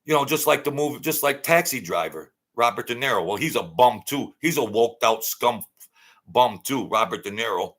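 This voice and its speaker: A man's voice: mid-range voice, expressive, normal speed, a bit bright. A man delivering a blunt, heated, repetitive ranting monologue as an online commentator.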